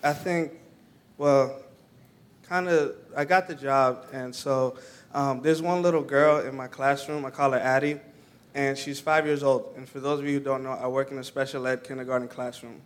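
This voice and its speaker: A young man tells a personal story to a church group. He talks haltingly, with many fillers and restarts. His pitch stays level throughout. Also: steady tone. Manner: halting, full of "um" and "like". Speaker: church member giving a testimony.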